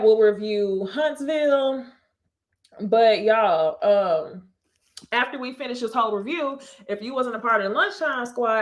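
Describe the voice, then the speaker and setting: A woman's voice: fairly high pitch, lo-fi sound. A woman from Texas with a slight Texas accent, hosting a casual live stream on her channel, chatting to viewers and laughing often. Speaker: YouTube host.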